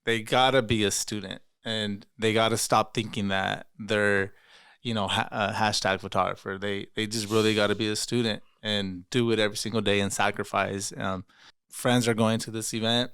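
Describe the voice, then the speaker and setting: Low, smooth-voiced man giving advice. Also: little pitch movement, normal speed, a bit bright, no room sound, studio quality. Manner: repetitive, emphatic. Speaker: photographer and teacher, podcast guest. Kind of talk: casual advice.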